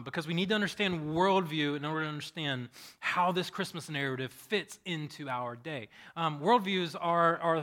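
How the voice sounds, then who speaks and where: A man's voice: on the high side, a bit bright. A man pastor giving a conversational sermon, telling stories animatedly with frequent restarts.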